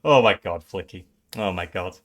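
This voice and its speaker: A man hosting his own game awards on a live stream, excitable and swearing, often stumbling and restarting his sentences. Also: low-pitched, moderate pace.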